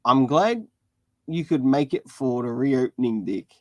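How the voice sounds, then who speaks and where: A cocky teenage boy sidekick, voiced by a livestream reader, trades jabs in a teasing tone. The delivery is slow and unhurried, and the pitch rises and falls freely. The sound is dry and close. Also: expressive, dry recording, close to an everyday voice.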